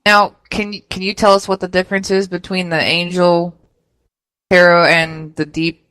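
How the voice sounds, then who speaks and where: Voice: mid-range voice, little pitch movement, moderate pace, bright, forceful tone, clear, resonant tone, low-quality recording. A radio co-host interviewing a guest, asking short, friendly follow-up questions.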